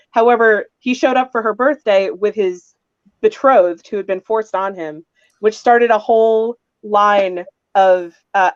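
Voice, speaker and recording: A woman's voice: mid-range voice, dry recording. Woman rambling through a game story, dry close sound, kinda dull lo-fi audio. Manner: chatty, rambling storyteller full of asides. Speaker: roundtable panelist. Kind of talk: casual storytelling about a tabletop game.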